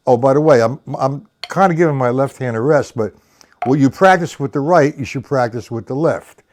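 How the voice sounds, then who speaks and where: A man's voice: medium pitch, normal speed, darkish tone. An older man giving a casual, rambling live-streamed drum lesson, counting beats aloud as he explains technique. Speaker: drum teacher.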